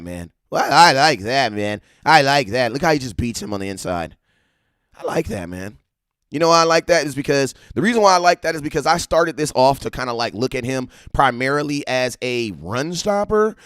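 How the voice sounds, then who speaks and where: Excitable man streaming football talk. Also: mid-range voice, dry recording, studio quality. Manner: animated, excitable, lots of slang and repeated phrases. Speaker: live-stream sports talk host. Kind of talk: casual live-stream commentary.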